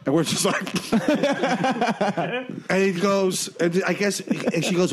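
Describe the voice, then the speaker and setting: A man with a fairly high voice tells a long story in casual podcast chat. He rambles, restarts his sentences and swears freely, jumping into the voices of the people he describes. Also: slow, noisy background. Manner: rambling, profane storytelling with lots of restarts and acted-out quotes.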